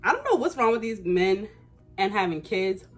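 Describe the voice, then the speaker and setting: A woman's voice: mid-range voice, big pitch swings, normal speed, faint music behind. A woman in her twenties telling a casual storytime, slangy and emphatic. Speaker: vlogger.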